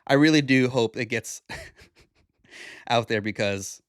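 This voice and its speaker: A man's voice: medium pitch, slow pace, clean tone, no room sound, clean studio sound. A tired, groggy young man hosting a solo podcast, talking in a rambling, reflective way with restarts. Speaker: podcast host. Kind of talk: casual solo podcast monologue.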